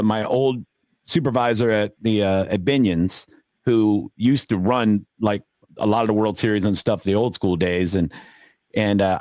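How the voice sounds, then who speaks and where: A man's voice: mid-range voice, darkish tone, dry recording. A man on a poker podcast, telling a story in a casual, rambling way with many fillers and acted-out quotes.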